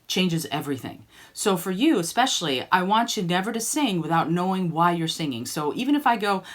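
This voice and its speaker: A woman's voice: mid-range voice, fairly bright tone. A woman singing teacher coaching students by name in an online group lesson, encouraging them and demonstrating sung vowels.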